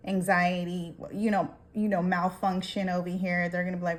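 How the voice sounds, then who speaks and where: A woman's voice: on the low side, flat delivery, moderate pace. A woman giving a casual tarot reading, talking emphatically, swearing and often checking in with "okay?". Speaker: tarot reader.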